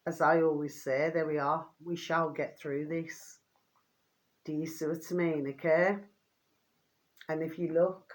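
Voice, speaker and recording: A woman, chatting casually to her viewers in a rambling, affectionate way, her voice getting hoarse. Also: sits low. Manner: affectionate, rambling, keeps asking "do you see what I mean". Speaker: vlogger.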